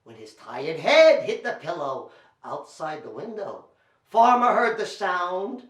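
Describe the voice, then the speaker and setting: A man's voice: sits high, slow, reverberant. A man performing a folk tale for children, coaxing listeners to join in with sounds. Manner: animated, coaxing the audience to join in. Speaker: children's storyteller. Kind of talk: interactive storytelling performance.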